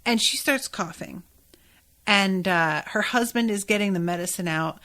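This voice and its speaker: A woman talks through an episode in a loose, conversational recap. Her delivery wanders, full of filler words and quick asides, like a friend thinking out loud. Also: medium pitch. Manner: chatty, rambling, many filler likes. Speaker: podcast host.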